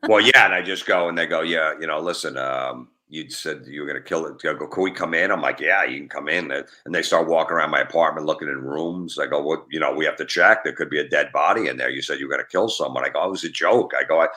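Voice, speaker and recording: Fast-talking deep-voiced man telling stories. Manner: fast, animated storytelling, acting out both sides of phone calls. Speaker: comedian and prank caller. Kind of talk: casual storytelling on a podcast.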